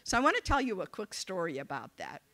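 Bright, animated woman giving a motivational speech. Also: fairly low pitch, fast talker. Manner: animated and conversational, acting out dialogue. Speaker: keynote speaker. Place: event venue.

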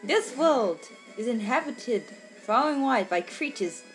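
A woman voicing an elderly male professor who kindly welcomes a newcomer, in an earnest, halting attempt at an impression from a game. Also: fairly high pitch, lively intonation, soft background music. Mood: welcoming. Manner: earnest and halting, breaking into giggles.

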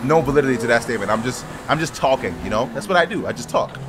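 A young man streaming a role-play driving game, loud and excitable, swearing freely and shouting at other players. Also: medium pitch, rapid-fire, background noise. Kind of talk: loud gaming commentary. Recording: game music playing behind.

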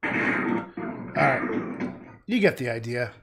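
A man's voice: mid-range voice, expressive, slow pace, gravelly, a bit bright, slightly rough, faint music behind. A man chatting casually on a livestream while he paints, rambling and talking to himself about the canvas.

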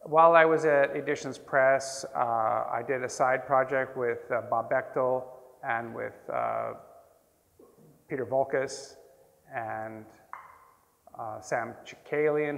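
A man in his sixties, a printmaker, telling rambling, animated anecdotes to an audience. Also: medium pitch, a little slow, vocal fry. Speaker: printmaker telling stories at a talk. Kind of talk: casual storytelling to an audience. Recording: roomy hall with long reverb.

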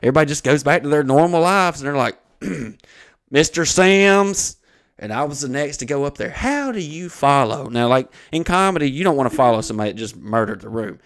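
A man's voice: mid-range voice, quick pace, few pauses. A man, hosting a comedy podcast and telling a long story, swearing freely and acting out the other people in it. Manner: profane, animated storytelling with acted-out voices. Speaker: comedian host.

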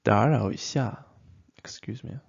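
A man teaching a casual spoken language lesson, talking slowly and haltingly with many fillers and frequent "okay?" checks. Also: medium pitch, vocal fry, breathy edge. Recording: dull lo-fi recording.

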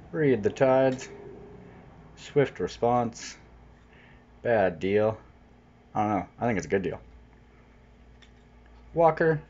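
A man chatting casually while opening trading card packs, jokey, with sudden excited outbursts. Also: on the low side, highs cut off. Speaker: channel host unboxing cards. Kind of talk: casual unboxing commentary. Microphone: off-camera voice-over mic.

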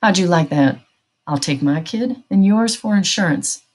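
A woman reading as a gruff, threatening drunk father. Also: fairly low pitch, animated, moderate pace. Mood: menacing. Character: menacing drunk armed man, a boy's father.

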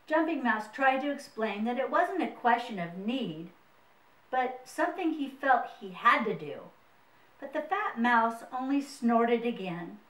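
Lady reading a storybook to kids, highish voice, echoey room. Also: expressive, a little slow, fairly bright tone, recorded from a distance. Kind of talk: reading a picture book aloud. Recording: roomy, mic set away.

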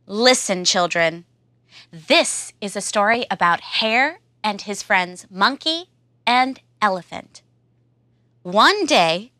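A woman telling a story to young learners in clear, slow, expressive scripted narration. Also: medium pitch, no room sound, studio quality. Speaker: storyteller for children.

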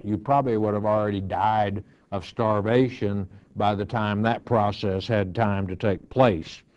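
An older man, a pastor, teaching verse by verse from the Bible, reading scripture aloud and then explaining it in an unhurried way with frequent fillers. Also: fairly low pitch, a little mellow, smooth. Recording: dull lo-fi recording.

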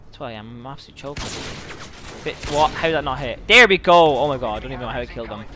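A young man giving casual gameplay commentary, excitable and swearing often, with sudden outbursts. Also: medium pitch, racing. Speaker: gaming channel host.

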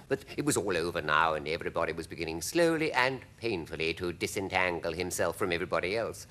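A man's voice: low voice, expressive, quick pace, hardly any pauses, a bit bright. A man with a British English accent reading a children's story aloud in a theatrical way, with dramatic swoops. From Britain. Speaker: reader. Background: music.

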